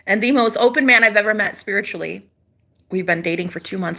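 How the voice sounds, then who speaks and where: Young woman, bright and forceful, casual spiritual vlogger, preachy and emphatic, swears, calls viewers baby. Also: mid-range voice, fairly quick, gravelly. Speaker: spiritual channel host. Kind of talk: casual spiritual talk to camera.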